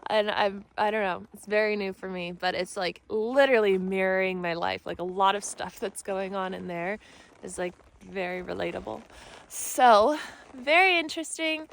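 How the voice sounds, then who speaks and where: A woman spiritual mentor talking in a soft, rambling, earnest way for her vlog, filming herself on a phone at arm's length while riding outdoors. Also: mid-range voice, moderate pace, gravelly, rough recording. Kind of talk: casual self-help vlog talk. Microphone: phone held at arm's length.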